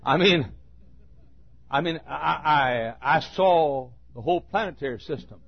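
A preacher with a husky, slightly breathy voice tells folksy stories from the pulpit. He drops low and quiet, then breaks into loud shouts. The recording sounds dull and lo-fi. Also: a little slow, no room sound. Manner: folksy, swings from quiet asides to sudden shouts. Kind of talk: sermon with storytelling.

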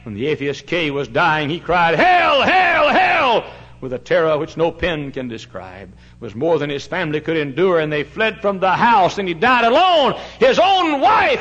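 Preacher guy yelling then going quiet, kinda high voice, muffled old recording. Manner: fiery preaching, swings from shouts to hushed tones. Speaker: pastor. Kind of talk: sermon. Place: church sanctuary. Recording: dull lo-fi recording.

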